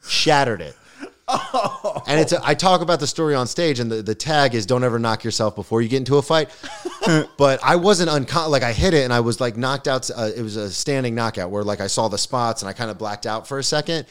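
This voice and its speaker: Animated man telling a wild story. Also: mid-range voice, fairly quick, clean tone. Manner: animated, swearing, acts out the quotes. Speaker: podcast guest. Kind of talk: comedic storytelling.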